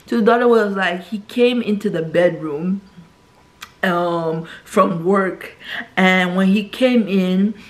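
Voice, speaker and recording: A woman talking casually to her viewers in a rambling monologue, tagging "right?" onto her sentences. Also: takes it slowly. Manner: rambling, says "right?" constantly; acts out quoted characters in a higher voice. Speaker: vlogger.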